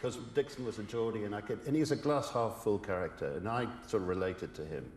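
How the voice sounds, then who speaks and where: An older man, a musician guest speaking haltingly with many restarts in a radio studio interview. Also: fairly low pitch, echoey room, in a large hall, background noise. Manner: halting, many restarts, soft-spoken, sings with guitar. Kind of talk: relaxed interview with sung and played song snippets.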